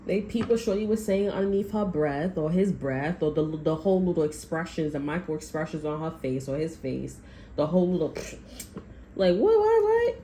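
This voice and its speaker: A woman's voice: deep voice, fairly quick, warm tone, reverberant, a little hiss or hum, rough recording. A woman giving a casual tarot reading. She talks bluntly, swears freely and acts out what people say. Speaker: tarot reader.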